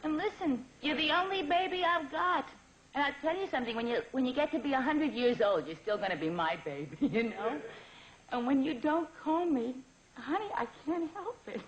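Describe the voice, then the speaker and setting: A woman's voice: high-pitched, animated, moderate pace. Woman playing a nagging guilt-tripping mother. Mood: doting. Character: doting guilt-tripping middle-aged mother on phone. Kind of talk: classic comedy sketch. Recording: muffled old recording with loud hiss.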